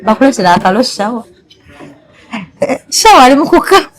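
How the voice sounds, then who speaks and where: A woman's voice: high voice, big pitch swings, fairly quick. A woman hosting a casual chat, switching between English and Luganda, teasing and then apologetic. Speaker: host.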